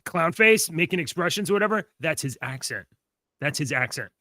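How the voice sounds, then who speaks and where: Man, podcast co-host, stammering, high bright voice, dry sound. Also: lively intonation, moderate pace, dry recording. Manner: stammering, restarts often. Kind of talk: casual comedic chat.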